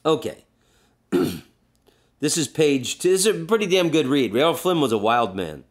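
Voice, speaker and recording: A man's voice: fairly high pitch, normal speed. A man hosting a podcast, telling a story with crude jokes and reading passages aloud. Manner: animated storyteller, crude jokes, acts out voices. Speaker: podcast host.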